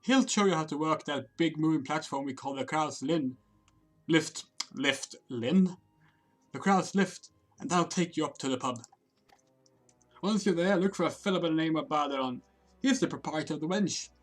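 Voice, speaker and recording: A streamer voicing a friendly male guide character from a fantasy game, giving brisk, cheery directions. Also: low voice, pitched above the performer's own voice.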